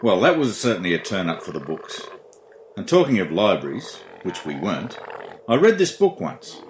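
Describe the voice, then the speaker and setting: Lively low-voiced man hosting comic radio. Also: moderate pace, reverberant, background noise. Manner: dry self-mocking asides. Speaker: radio show host.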